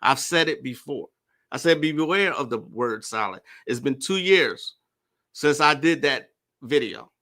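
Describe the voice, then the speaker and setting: A man commenting casually to viewers, speaking slowly and simply on purpose, repeating points and checking that viewers follow. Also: mid-range voice, animated, pushed and bright. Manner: deliberately slow and simple.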